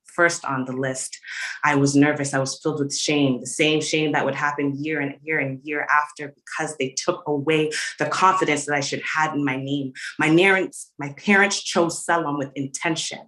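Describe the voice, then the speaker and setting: A woman's voice: deep voice, a bit bright, poor audio. Impassioned young woman performing spoken word. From Canada. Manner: impassioned, rhythmic repetition.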